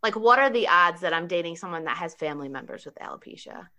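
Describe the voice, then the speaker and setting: A woman telling a personal story in casual conversation, animated, laughing often and saying 'like' a lot. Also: lowish voice, fast talker.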